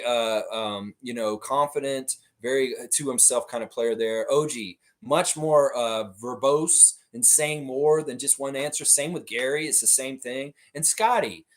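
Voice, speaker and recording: A man hosts a live stream, chatting loosely as he reads viewers' comments aloud and answers them. His talk is casual and rambling, full of "uh" and "in some ways", with easy laughs along the way. His voice sits at an ordinary middle pitch. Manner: reads chat messages aloud and riffs on them, laughing often; frequent "in some ways" and "uh" fillers. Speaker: livestream host.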